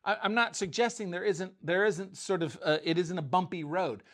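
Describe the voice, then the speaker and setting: A man's voice: high voice, normal speed, fairly bright tone. Casual middle-aged man preaching. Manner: conversational, paraphrasing scripture loosely with many "like" and restarts. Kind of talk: casual sermon.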